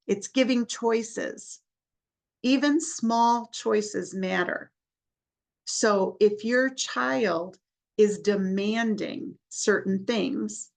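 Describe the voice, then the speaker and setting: A woman's voice: medium pitch, gravelly. A woman hosting a podcast, earnestly explaining parenting strategies and often restarting her sentences. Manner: earnest, explanatory, with many restarts and acted examples. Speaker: therapist and podcast host. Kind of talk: podcast talk giving parenting advice.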